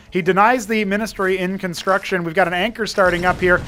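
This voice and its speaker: A man casting a strategy-game match live, mixing quick play-by-play with rambling trivia asides. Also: sits high, steady tone, sharp tone, a little hiss or hum. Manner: chatty play-by-play that wanders into trivia. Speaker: esports caster and show host.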